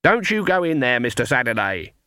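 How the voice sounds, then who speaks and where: A man's voice: mid-range voice, very animated, fairly quick, smooth, no echo, clean studio sound. A man reading an audiobook voices a stern, proud older witch who speaks sharply and commandingly. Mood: firm. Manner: sharp, commanding, erupts into indignant shouting. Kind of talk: audiobook character voice.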